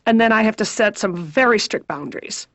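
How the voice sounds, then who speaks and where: An actress playing a high-strung, weepy woman in therapy who rants rapidly and indignantly. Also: expressive, fairly bright tone, no room sound. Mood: ranting. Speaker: therapy patient. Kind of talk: comic monologue in a therapy session. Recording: dry, dull lo-fi audio.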